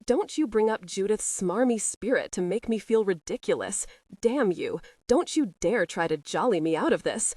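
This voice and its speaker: A woman's voice: medium pitch, lively intonation, normal speed, darkish tone, no echo, clean studio sound, distant mic, lightly acted. A woman voicing a brooding young husband haunted by guilt, who speaks curtly and in anger. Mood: angry. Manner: curt, angry, bitter.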